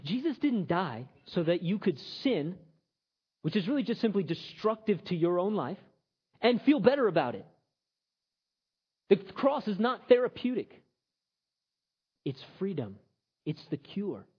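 A man preaching a sermon in a conversational, animated way, slipping into characters to tell stories. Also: high-pitched, unhurried, pauses often, breathy edge. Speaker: pastor. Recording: slightly muffled recording.

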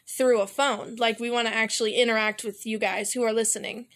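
A young woman co-hosting a casual faith podcast, playful and giggly, with quick asides. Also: on the high side, steady tone, a bit bright. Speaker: podcast co-host.

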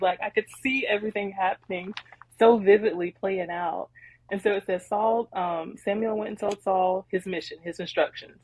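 Woman cohost, kinda husky, lower voice, chatty and lively retelling a bible story, dry sound. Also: a little fast, no echo, rough recording. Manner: animated, laughing storyteller. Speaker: podcast co-host.

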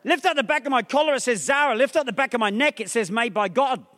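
A male pastor preaching an energetic sermon, rousing the crowd with repeated questions and calls, mixing in humorous asides. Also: extremely high pitch, quick pace. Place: large theatre hall. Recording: long reverb of a large theatre.

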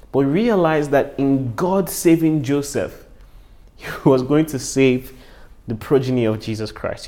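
A male pastor preaching a sermon, lively, with hushed moments and loud, emphatic stretches. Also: medium pitch.

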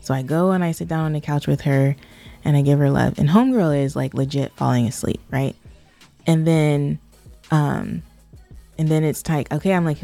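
A woman's voice: low-pitched, normal speed, creaky, mellow, soft background music. A woman co-hosting a podcast, chatting casually and telling stories with many "like" fillers. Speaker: podcast co-host. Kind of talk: casual chat.

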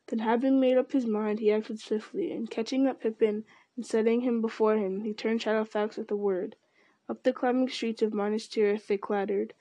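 A woman reading an audiobook in a measured narrating voice, with occasional slips. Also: on the high side, steady tone, mellow.

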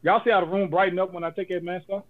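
A man's voice: sits high, level tone, rapid-fire, slight background noise. A man co-hosting a casual podcast, talking in a laid-back, joking way and giving motivational advice. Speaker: podcast co-host. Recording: phone-like lo-fi audio.

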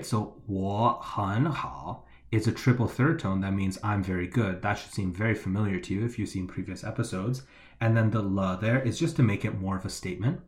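Man, lesson host, fairly low voice, friendly explaining. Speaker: co-host teaching Mandarin.

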